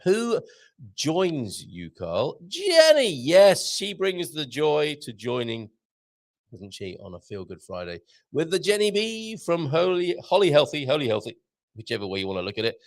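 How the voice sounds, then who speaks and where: Male host, jokey, lively, gravelly edges, dry close sound. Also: on the high side, moderate pace, dry recording. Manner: jokey, chatty, animated, laughs often. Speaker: live show host. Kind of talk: casual live-stream chat reading viewer comments.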